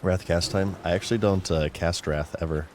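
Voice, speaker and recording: A man's voice: sits low, normal speed, a little hiss or hum. A man streaming a game, chatting casually and muttering to himself as he plays. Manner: relaxed, chatty, mutters to himself while playing. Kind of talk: casual gameplay commentary.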